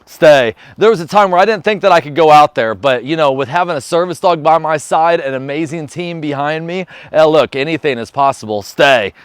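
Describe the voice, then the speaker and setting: A man's voice: on the high side, fairly quick, hardly any pauses, smooth, dry recording. A man talking casually in a how-to vlog, upbeat and chatty, switching to short firm commands for his dog. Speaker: vlogger and dog trainer. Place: outdoors training a dog.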